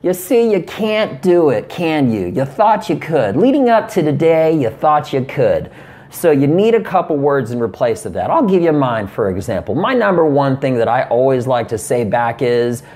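A man giving comic relationship advice in a sarcastic, deadpan way, with casual profanity. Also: fairly high pitch, moderate pace. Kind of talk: comedic advice monologue.

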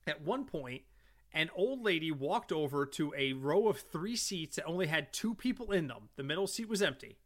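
A middle-aged man co-hosting a casual podcast, an animated storyteller who swears freely. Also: fairly high pitch, normal speed. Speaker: podcast co-host.

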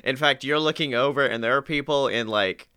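A man's voice: medium pitch, brisk, sharp tone, smooth. A tired young man co-hosting a podcast, rambling and jokey with casual swearing. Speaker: podcast co-host. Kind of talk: casual chat.

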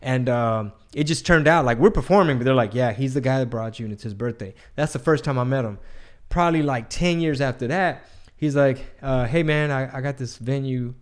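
A man's voice: medium pitch, brisk. A man hosting a casual interview, asking follow-up questions and telling his own stories in an easygoing way. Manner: relaxed storyteller, asks follow-up questions.

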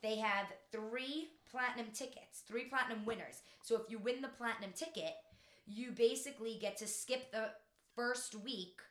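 A woman's voice: a little high, moderate pace, reverberant. A woman co-hosting a casual chat podcast, talking in a bubbly, rambling way, often laughing and apologizing. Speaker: podcast co-host.

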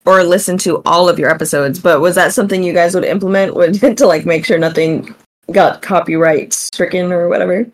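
A woman who is an actress, chatting as a podcast guest, bubbly and quick to exclaim. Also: fairly low pitch. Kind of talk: casual podcast chat.

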